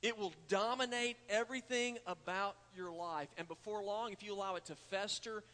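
A man's voice: sits high, fairly even intonation, moderate pace, pushed and bright. A man preaching a sermon, telling a folksy story and talking to the congregation as y'all. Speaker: pastor. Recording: church hall reverb.

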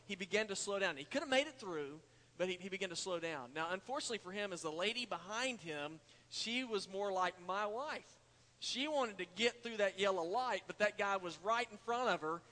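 A pastor with a high, pushed, bright voice preaches a sermon, spinning a folksy story and addressing the congregation as "y'all." Church hall reverb colors the recording.

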